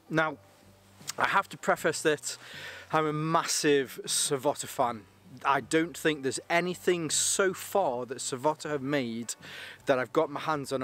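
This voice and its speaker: A man's voice: on the high side, fairly bright tone. A man casually reviewing gear on his channel, rambling and enthusiastic, joking and restarting sentences often.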